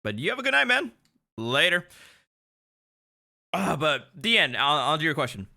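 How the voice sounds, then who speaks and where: A man's voice: a little high, sing-song, normal speed, gravelly, bright, forceful tone. A man, an attorney, giving sardonic, incredulous livestream commentary on clips he plays.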